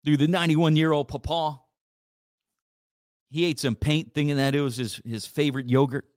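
A man's voice: fairly high pitch, steady tone, normal speed, darkish tone, dry recording, clean studio sound. A man hosting a casual talk radio show, joking and reading listener messages.

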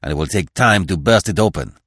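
A man voicing a fussy, sharp older male detective in a storybook reading, clipped and commanding. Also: low-pitched, expressive, fairly quick, slightly rough, dry recording, clean studio sound, heavily acted. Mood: urgent.

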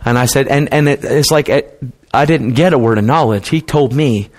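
A preacher, a man, shares a testimony in a relaxed, conversational tone. He slips into the voices of the people in his story as he tells it. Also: medium pitch, moderate pace. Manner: casual and conversational, calls people man and dude; acts out quoted people in dialogue.

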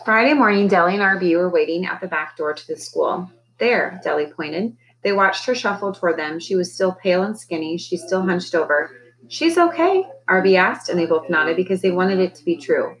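Woman reading aloud, storybook, lowish voice, faint background hiss, voices raised for characters. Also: brisk, few pauses, fairly bright tone, rough recording. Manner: lifts her voice for characters' lines.

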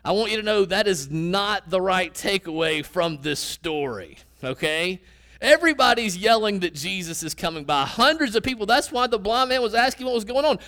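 High-voiced man preaching. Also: animated, normal speed, bright, forceful tone. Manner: conversational teaching, asks the listeners questions. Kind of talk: sermon.

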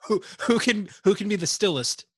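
A man's voice: high-pitched, expressive, normal speed, breathy edge, no echo, clean studio sound. A man hosting a podcast, chatting casually in a joking, rambling way and swearing freely. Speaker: podcast host. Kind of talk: casual chat.

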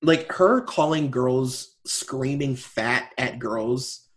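A woman's voice: rumbling low, animated, takes it slowly. A young woman co-hosting a podcast in casual chat, laughing a lot and swearing. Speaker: podcast co-host.

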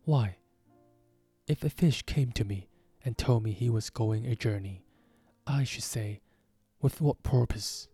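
A man's voice: medium pitch, measured pace, pauses often, dark tone, slightly rough, no echo, soft background music. A man voicing a sulky, easily offended Mock Turtle creature in a storybook reading, insistent and touchy.

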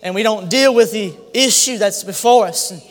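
A male pastor preaching a sermon, emphatic, climbing into shouted repetitions. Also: sits high, moderate pace. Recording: long hall reverb.

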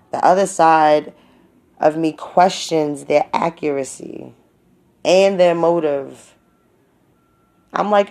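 A woman's voice: low-pitched, fairly even intonation, takes it slowly, long pauses, a little mellow. A woman vlogger telling stories in a casual monologue, laughing often, swearing freely and acting out what people said to her.

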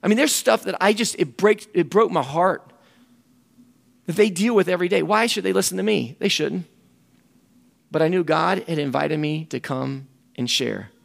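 Earnest preacher guy telling a story, kinda high voice with lots of gravel, repeats himself. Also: moderate pace, long pauses. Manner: animated and earnest, repeats words. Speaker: ministry director and speaker. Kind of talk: storytelling sermon talk.

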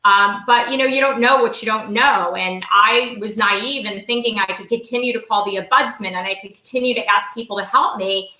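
A woman's voice: medium pitch, a little fast, hardly any pauses, pushed and bright, roomy sound, poor audio. A middle-aged woman giving emphatic interview answers as a podcast guest, often repeating her key phrases.

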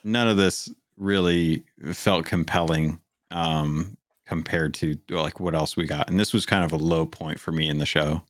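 A man co-hosting a gaming podcast, talking things through in a thoughtful, measured way with many restarts. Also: rumbling low, steady tone, no room sound. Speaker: podcast co-host. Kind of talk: casual chat.

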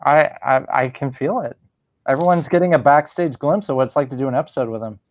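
A man's voice: mid-range voice, brisk, no room sound. A man playing contestant on a friendly trivia game, making wry self-deprecating jokes. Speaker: podcast host, quiz contestant. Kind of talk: casual banter.

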